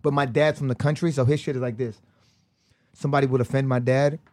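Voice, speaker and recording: A young American man, a podcast guest, telling stories in a casual, animated way with lots of slang and frequent laughs. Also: medium pitch, fast. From United States. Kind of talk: casual storytelling.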